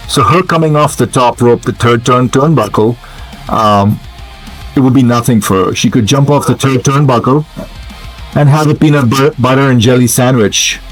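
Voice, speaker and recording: A man's voice: medium pitch, moderate pace, faint music behind. A man giving casual, musing gameplay commentary, hesitant and full of fillers as he thinks aloud. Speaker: gamer commentator.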